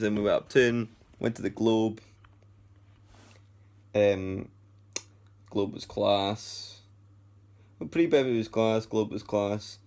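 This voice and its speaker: A man's voice: fairly low pitch, vocal fry, darkish tone. A tired young man with a Scottish accent, rambling and swearing casually about his weekend as a vlogger. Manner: rambling, sweary, self-correcting. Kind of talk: casual chat.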